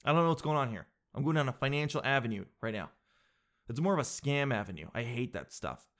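A young man in his twenties on a stage doing stand-up comedy. He talks fast and loose in slang, with a mid-range voice, and keeps popping into quick impressions of the people in his stories. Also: mid-range voice, animated, a bit bright.

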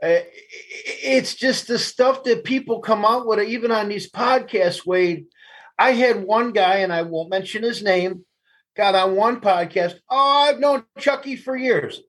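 Husky-voiced man telling blunt stories. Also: sits high, a little slow, rough recording. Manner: blunt, profane, laughs through anecdotes. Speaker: guest. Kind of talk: candid storytelling interview.

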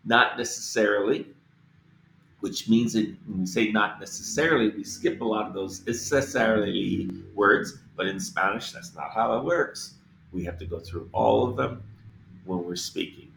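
A man teaching Spanish phrases, repeating each one slowly and carefully with every letter spoken, in a deliberate lesson manner. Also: on the low side, vocal fry, fairly bright tone, reverberant, a little hiss or hum.

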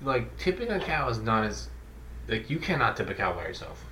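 A man's voice: on the low side, sing-song, fairly quick, bright, forceful tone, slight background noise. A man co-hosting a podcast, chatting casually and joking with friends. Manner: joking, laughs often. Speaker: podcast co-host. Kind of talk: casual chat. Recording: echoey room.

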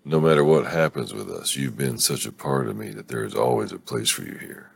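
A man's voice: rumbling low, a little fast, vocal fry, a little hiss or hum, exaggerated voice. A man voicing an earnest, affectionate young man in a storybook reading. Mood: tender. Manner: earnest, sincere.

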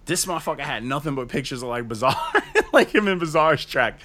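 A man's voice: on the high side, fairly quick. Young man ranting through a story. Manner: animated storytelling, acting out both sides, heavy swearing. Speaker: podcast host. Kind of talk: casual chat.

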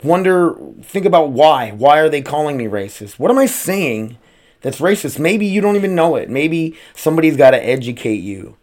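A man's voice: fairly high pitch, expressive, normal speed, darkish tone. A man hosting his own podcast, ranting casually with lots of swearing, rambling asides and rhetorical questions. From United States. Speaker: podcast host and streamer. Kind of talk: casual solo podcast rant.

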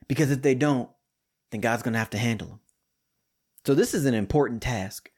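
Man, podcast sermon, casual and animated, swings high then hushed, middle pitch. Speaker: podcast host and preacher.

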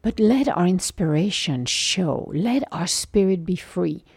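A woman in her forties giving an earnest, encouraging spiritual talk, sometimes sinking into a soft whisper. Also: fairly low pitch, big pitch swings, slow, vocal fry, few pauses, breathy edge, no room sound. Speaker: spiritual motivational speaker. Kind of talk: inspirational monologue.

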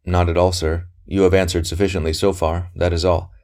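A wary old physician from a storybook reading, terse and secretive, with a quick scornful edge, voiced by a deep-toned male narrator. His voice sits low and close to the reader's own. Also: flat delivery, a little mellow. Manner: terse, suspicious, flaring into scorn. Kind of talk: audiobook character reading.

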